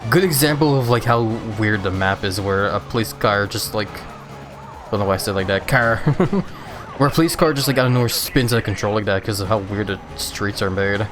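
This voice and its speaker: A man's voice: on the low side, fairly quick, over music. A man casually commenting on a racing game as he streams, laid-back and laughing often, with hiccups.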